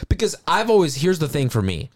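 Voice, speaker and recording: A man's voice: fairly high pitch, sing-song, a little fast. A man co-hosting a podcast, talking in a chatty, reflective way and musing aloud on feelings. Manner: chatty and reflective, lots of "like" fillers. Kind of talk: casual podcast conversation.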